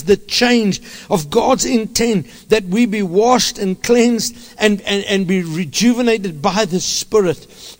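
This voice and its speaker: A man preaching a sermon as a pastor, impassioned and halting, often restarting his phrases. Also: high-pitched, long reverb tail.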